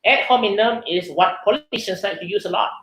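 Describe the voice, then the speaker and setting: A man with a Malaysian English accent teaches an online seminar, his voice sitting a little high. He talks in a lively way and jumps into exaggerated voices when he quotes others. The sound carries the echo of a bare room. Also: fairly quick, slight background noise. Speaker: seminar speaker. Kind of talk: webinar lecture. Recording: echoey room.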